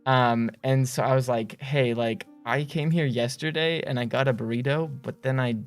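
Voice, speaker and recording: A man hosting a game studio's livestream, telling stories in a rambling, animated way on a close mic. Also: medium pitch, normal speed, soft background music. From United States. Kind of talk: casual livestream chat.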